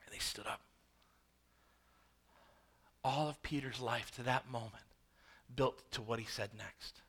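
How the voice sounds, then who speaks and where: A male pastor preaching a sermon in a conversational, storytelling way, swinging between loud emphasis and hushed asides. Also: mid-range voice, steady tone, measured pace, slightly rough. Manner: conversational and storytelling, acts out scenes.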